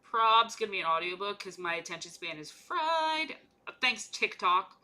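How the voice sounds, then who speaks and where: A woman's voice: medium pitch, big pitch swings, normal speed, sharp tone. A young woman chatting casually and playfully while she paints miniatures on a livestream, rambling from one joke to the next.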